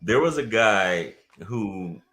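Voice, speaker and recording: A man hosts a live podcast stream, chatting casually and joking with viewers and his co-host over soft background music. His voice is animated, pushed and bright, and he takes it slowly. He keeps things loose, talks to the chat, and his pitch swings up when he's surprised.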